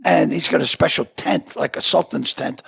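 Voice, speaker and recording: Gravelly, raspy, animated man. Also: fairly high pitch, moderate pace. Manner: animated, acts out the stories with loud outbursts. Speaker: guest comedian. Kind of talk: casual storytelling on a podcast.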